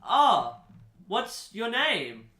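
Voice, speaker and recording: A man doing a squeaky timid little girl. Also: huge pitch swings, drawn-out words, bright, forceful tone, roomy sound, full character voice. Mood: meek.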